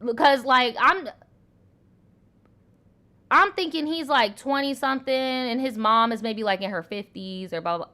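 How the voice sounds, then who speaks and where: A woman's voice: on the high side, a little slow, pauses often, pushed and bright. Blunt, slangy young woman storyteller. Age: 20s. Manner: blunt, profane, slangy and emphatic. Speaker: host. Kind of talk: reading viewer stories aloud with commentary.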